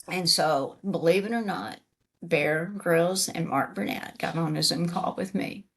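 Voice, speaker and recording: A woman's voice: lowish voice, measured pace, husky. A middle-aged woman, a retired army sergeant major, telling a story in an interview and acting out the dialogue.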